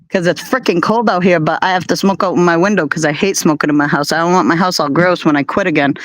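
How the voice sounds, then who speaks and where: A woman's voice: lowish voice, a little fast, dry recording, rough recording. A woman hosting a casual live stream from her bedroom by an open window, chatty and rambling, laughing often.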